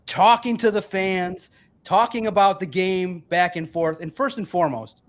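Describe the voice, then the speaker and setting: A man's voice: sits high, moderate pace. A man in his forties, a sports podcaster guesting on the show, talking emphatically and with plenty of swearing, a little tipsy from beer. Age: 40s. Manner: emphatic, profane, rambling. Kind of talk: casual podcast chat.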